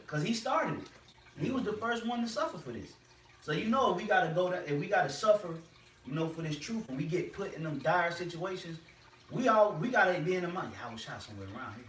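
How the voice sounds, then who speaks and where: A man's voice: high-pitched, lively intonation, brisk, a bit bright. Emphatic preaching man, roomy distant sound. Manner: emphatic, repetitive, uses slang. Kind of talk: preaching group discussion. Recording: roomy and distant with faint noise.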